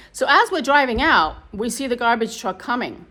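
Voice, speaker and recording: A woman's voice: on the high side, animated, moderate pace, bright, forceful tone. A middle-aged woman vlogging, telling her own painful story in a casual, emotional, rambling way with many restarts. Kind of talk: casual personal storytelling to camera.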